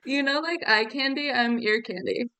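A woman co-hosting a podcast in casual chat, with teasing, deadpan banter. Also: high-pitched, moderate pace, a crowd in the background, low-quality recording. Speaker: podcast co-host.

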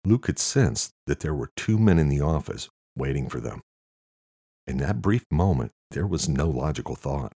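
A man reading a thriller audiobook in an expressive narration style. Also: rumbling low, creaky, slightly rough, no room sound, clean studio sound. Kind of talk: scripted narration.

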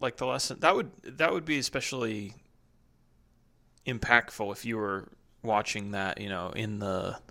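Low, gravelly, hesitant man. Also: moderate pace, pushed and bright. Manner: hesitant, searching for words. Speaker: podcast co-host. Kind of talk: casual podcast chat.

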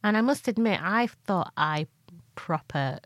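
A woman's voice: medium pitch, lively intonation, dry recording. A young woman with a northern English accent, co-hosting a casual podcast chat about acting and laughing often. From northern England. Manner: chatty, laughs often, acts out quick voices in stories. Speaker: podcast co-host, actor.

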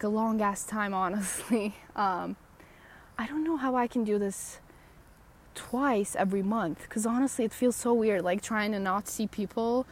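A woman's voice: medium pitch, slight background noise. Woman podcast host, walking outside and talking into a phone, chatty, sarcastic ramble, self-deprecating. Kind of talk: rambling personal podcast talk. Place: outdoors, walking at night.

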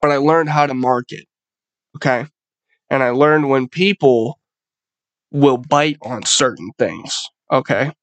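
A man's voice: mid-range voice, a little slow, pauses often, dry recording. A young man hosting a podcast, telling a rambling, profanity-laced story in a loose, casual monologue. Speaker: podcast host.

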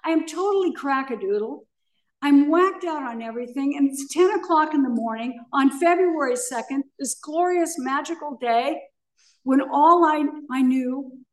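Older woman, fairly high voice, dramatic emphatic testimony, distant mic. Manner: dramatic, emphatic storytelling with vivid repetition. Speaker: recovery meeting speaker. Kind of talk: personal testimony.

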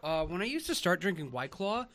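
High, very animated young-sounding man. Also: brisk. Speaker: podcast co-host. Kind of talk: casual podcast chat.

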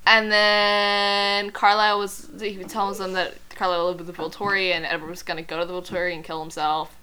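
A woman's voice: medium pitch, clean tone, poor audio. A woman co-hosting a casual podcast, recapping a story and animatedly acting out the characters' lines. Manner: animated, acts out the characters' lines in quick little voices. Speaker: podcast co-host. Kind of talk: casual chat recapping a book.

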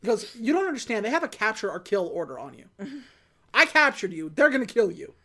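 A woman's voice: a little high, fairly quick. A woman casually recapping a movie on a podcast, quoting the characters and laughing as she talks. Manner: animated retelling, quotes characters, laughs while talking. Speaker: podcast co-host recapping a film. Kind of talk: casual chat.

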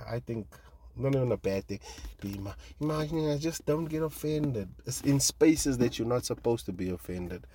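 Rambling podcast host. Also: male voice, mid-range voice, darkish tone, husky. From South Africa. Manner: loose and laughing, swears freely, lots of fillers. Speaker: podcast host and stand-up comedian. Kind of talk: casual rambling monologue.

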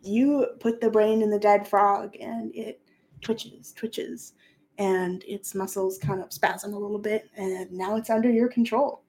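A woman acting as game master narrates a tabletop role-playing game playfully and descriptively, laughing often. Her voice is mid-range and a little mellow, with fairly even intonation and a slightly slow pace.

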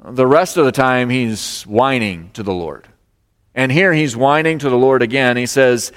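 Pastor preaching in a reverberant hall. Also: male voice, medium pitch, moderate pace. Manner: expressive preaching, acts out voices of God and Jonah. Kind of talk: sermon.

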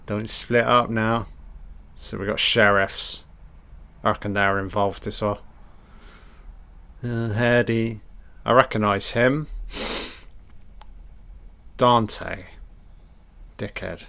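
Slow-talking sarcastic, sweary man. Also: fairly low pitch, steady tone, creaky, sharp tone. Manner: blunt, sarcastic, heavy swearing; dry running critique. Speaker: film commentator. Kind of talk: casual film watch-along commentary.

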